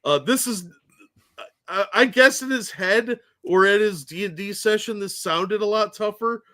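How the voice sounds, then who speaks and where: A man's voice: sits high, measured pace, bright, forceful tone. A man co-hosting a podcast in casual chat, mocking and nerdy, often laughing. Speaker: podcast co-host.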